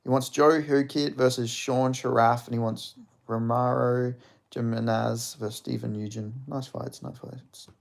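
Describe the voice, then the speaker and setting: This young streamer, hosting a fight watch-along, has a gravelly mid-range voice with a flat, slightly slow delivery. He keeps things casual with viewers, swearing frequently, joking around and laughing plenty.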